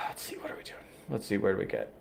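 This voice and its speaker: An American podcast host rambles through viewer chat on a casual livestream, wry and profane. He speaks fairly quickly over a noisy background.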